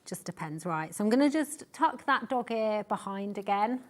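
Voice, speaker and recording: A woman walks viewers through a sewing demonstration on a live TV studio show. She explains each step and adds chatty asides as she goes. Her voice sits at an ordinary middle pitch. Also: lively intonation, moderate pace.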